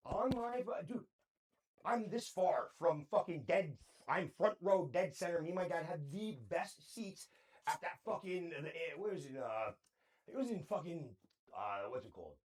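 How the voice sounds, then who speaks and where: A man in his thirties chats on a podcast in a high, lively voice that leaps up and down as he gets worked up. He spins his stories with a steady stream of slang and casual swearing. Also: moderate pace. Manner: excitable storyteller, heavy slang and swearing. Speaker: podcast co-host. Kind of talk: casual chat.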